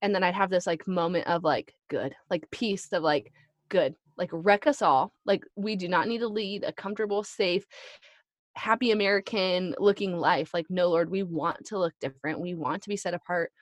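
A woman in her thirties, a podcast guest, telling a family story in a casual, animated way and acting out the voices of people she quotes. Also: lowish voice, moderate pace, no echo. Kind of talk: casual chat.

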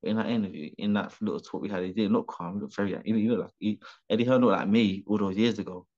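Talking fast in a lowish, darkish voice with fairly even intonation, a professional boxer does a remote interview by video call. He gets animated and rambles, swearing and restarting, and the lo-fi audio is dull.

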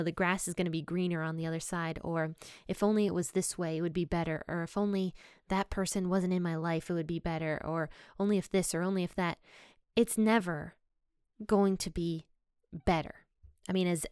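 A woman's voice: on the low side, clear, resonant tone, no echo, clean studio sound. A young woman giving a casual, chatty Bible study, sharing personal stories and laughing as she explains. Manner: chatty and conversational, laughs while telling stories. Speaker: Bible teacher.

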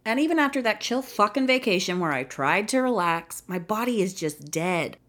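A woman's voice: mid-range voice, lively intonation, normal speed, fairly bright tone. Tired, rambling woman podcast host. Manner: rambling, chatty, profane, self-deprecating. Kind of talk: casual solo podcast chat.

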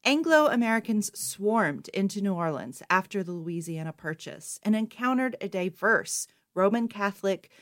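A woman co-host reading a scripted history segment in an even, matter-of-fact way. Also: medium pitch, normal speed, few pauses. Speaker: podcast co-host.

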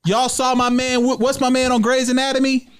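A man co-hosting a podcast, talking in a playful, teasing, animated way. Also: very high-pitched, brisk, crowd noise. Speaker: podcast co-host. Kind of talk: casual chat.

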